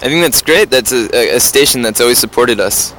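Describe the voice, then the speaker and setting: A young man from New York, a band member answering in a halting, deadpan, dry way. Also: mid-range voice, slight background noise. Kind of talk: casual interview chat.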